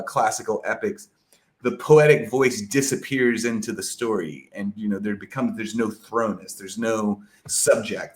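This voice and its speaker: Low-voiced man rambling casually. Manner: rambling, filler-heavy, lots of "like" and "you know"; casual and profane. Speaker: podcast guest discussing an epic poem. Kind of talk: casual podcast talk.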